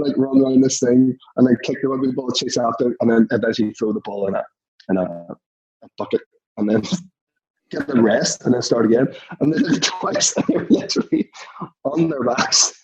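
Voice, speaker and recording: Guest: relaxed Northern Irish man in his thirties, raspy tone, tells stories with a laugh, muffled low-fi sound. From Northern Ireland. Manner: chuckling anecdotal storyteller. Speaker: podcast guest. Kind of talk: casual chat.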